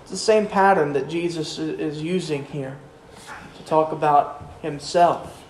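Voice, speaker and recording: Earnest preacher in a roomy church. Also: male voice, on the high side. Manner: earnest, slows down to stress key phrases, repeats words as he restarts. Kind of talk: sermon. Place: church sanctuary. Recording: roomy echo, mic at a distance, faint room noise.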